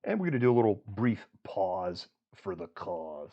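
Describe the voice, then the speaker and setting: A man's voice: low voice, very animated, normal speed, lo-fi sound. A man hosting a live news show, reeling off statistics with frequent "um"s and running commentary. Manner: reels off statistics with frequent fillers.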